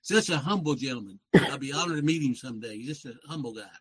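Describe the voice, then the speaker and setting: A man's voice: medium pitch, expressive, fast, slightly rough, rough recording. A man in his seventies from West Virginia with a Southern accent, a radio pastor chatting as a guest in a folksy, rambling way that often corrects itself. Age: 70s. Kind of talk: casual talk show conversation.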